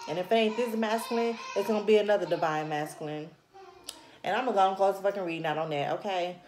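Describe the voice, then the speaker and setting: A woman's voice: mid-range voice, fast, echoey room, noisy background. A woman reading tarot to camera in a blunt, scolding, heavily profane casual manner. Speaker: tarot reader.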